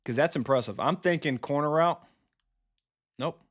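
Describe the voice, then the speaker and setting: Streaming a football video game, this man talks with his viewers in a slightly high voice, casual and blunt in tone. His live commentary features quick reactions to the plays.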